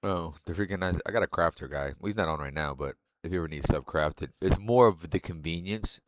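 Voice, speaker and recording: An adult game streamer with a very deep voice chats rapidly and loosely with his viewers on a live stream, swearing freely and laughing a lot. His dull lo-fi stream mic gives a dry, close sound with no echo.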